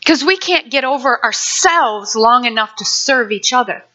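A woman pastor preaching a sermon in a lively, conversational way with playful asides to her congregation. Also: on the high side, moderate pace, low-quality recording. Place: church sanctuary.

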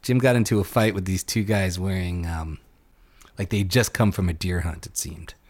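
A man hosting a podcast, telling stories in excitable casual chat. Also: sits low, moderate pace, no room sound.

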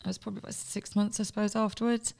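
A woman recounts her own story as a podcast guest. She talks frankly and with animation, slipping into the voices of people she quotes. Her pitch sits in the middle range. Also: very fast, gravelly. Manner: frank, animated, acts out past dialogue. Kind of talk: candid personal storytelling.

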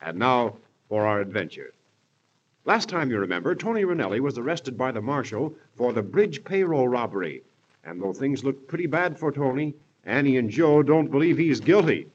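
A man's voice: mid-range voice, very animated, normal speed. A male announcer narrating a 1930s radio serial in a confiding storyteller tone. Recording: dull lo-fi 1930s radio recording.

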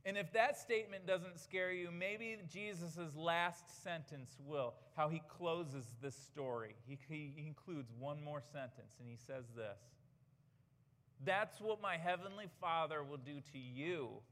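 A man's voice: on the high side, a little slow, a bit bright. A man preaching a sermon as pastor, earnest and emphatic, asking rhetorical questions. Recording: church hall reverb.

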